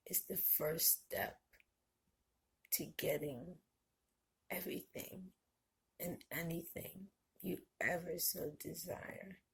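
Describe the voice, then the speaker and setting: A middle-aged woman talks slowly to her camera from home in a low, gravelly voice. Her tone is rough and husky, and she offers folksy, heartfelt advice with blessings. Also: darkish tone. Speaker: vlogger. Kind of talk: casual talk to camera. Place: indoors at home.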